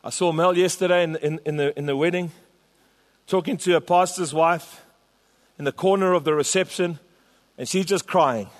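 High-voiced man preaching in a reverberant hall. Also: normal speed. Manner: emphatic, repetitive preaching. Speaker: pastor. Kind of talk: sermon.

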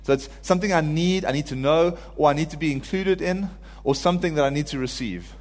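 A man's voice: fairly high pitch, a little fast, a little mellow. Earnest preacher man in a reverberant hall. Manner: earnest, builds to pleading cries when quoting. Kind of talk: informal sermon.

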